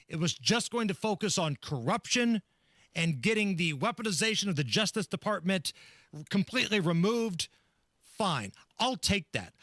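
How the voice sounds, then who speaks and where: A man's voice: sits high, no echo. A man co-hosting a talk radio show, chatting casually and joking with his co-host in the studio. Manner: joking, animated, quick hand-offs. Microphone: studio microphone.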